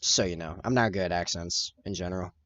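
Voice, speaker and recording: A man's voice: low voice, fast, fairly bright tone, dry recording. Man, livestreamer, rambling casual chat, self-correcting, dry muffled audio. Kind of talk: casual chat while painting miniatures and answering chat. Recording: dull, dry lo-fi stream audio.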